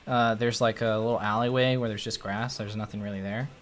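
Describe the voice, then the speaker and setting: A man's voice: fairly low pitch, steady tone, a little fast. Rambling, foul-mouthed male streamer. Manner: rambling, profane, self-interrupting. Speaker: livestreamer. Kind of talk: casual storytelling.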